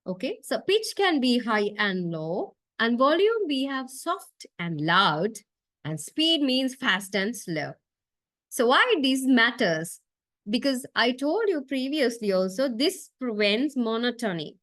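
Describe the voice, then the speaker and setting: A woman's voice: a little high, a bit bright, no echo. A woman lecturer giving a classroom lecture, explaining step by step and checking in with "okay?" and "right?". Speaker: university lecturer.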